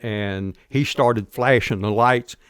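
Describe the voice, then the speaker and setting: A man's voice: fairly low pitch, takes it slowly, fairly bright tone, clear, resonant tone, no echo, clean studio sound. An older man telling his war story in a folksy, plainspoken interview manner. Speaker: guest veteran.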